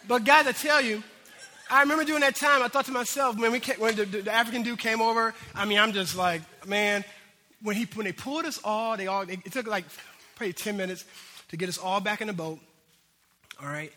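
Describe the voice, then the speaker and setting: A man preaching a sermon as a pastor, telling a story in an animated way that swings between loud bursts and hushed moments. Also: very high voice, fast, slight background noise. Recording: hall reverb.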